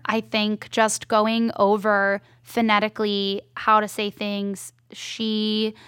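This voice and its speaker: A woman filmmaker chatting in an interview, telling stories in a lively, talkative way. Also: medium pitch, no echo, clean studio sound. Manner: chatty, animated storytelling. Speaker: indie filmmaker guest. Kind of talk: casual interview chat.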